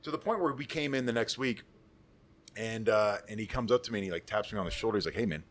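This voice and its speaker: A man's voice: fairly low pitch, quick pace. A former football lineman in his forties telling rambling, profane stories in casual chat. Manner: profane, rambling, boisterous storyteller. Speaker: podcast guest, former pro football lineman.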